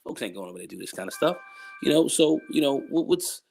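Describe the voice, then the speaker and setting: A man's voice: a little high, sing-song, fast, gravelly, a little mellow, a little hiss or hum. A man talking as a guest in a casual discussion, rambling and often repeating "you know".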